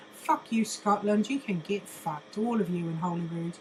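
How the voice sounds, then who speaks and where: A woman's voice: mid-range voice, expressive, measured pace, a little mellow, a little hiss or hum, rough recording. An older woman, ranting bluntly in a monologue, mocking and swearing constantly, laughing often. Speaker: vlogger.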